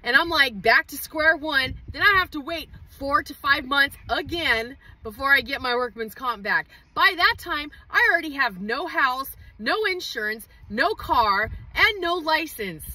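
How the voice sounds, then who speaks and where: A mother livestreaming from inside her parked truck, venting in a heated, profane rant with quick outbursts. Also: high voice, animated, pushed and bright, poor audio. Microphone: phone livestream.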